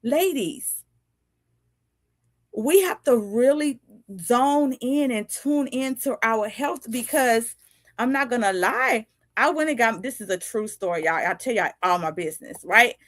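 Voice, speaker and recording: A woman's voice: a little high, lively intonation, a little slow, fairly bright tone, no echo. A woman in her fifties hosting a casual live video chat as a podcast host and coach. She talks animatedly, laughs often and acts out little dialogues. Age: 50s.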